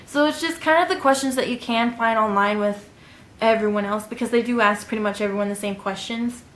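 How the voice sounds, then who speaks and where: A woman's voice: fairly high pitch, brisk, a bit bright. A woman in her twenties giving casual advice in a vlog, chatty and rambling with frequent ums. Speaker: vlogger. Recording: echoey room.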